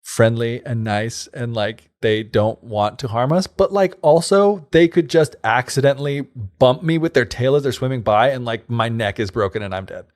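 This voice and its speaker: In casual storytelling chat, a male podcast co-host wanders through a fairy tale with many "likes" and side comments. His voice is medium-pitched and darkish, moving at a moderate pace with few pauses.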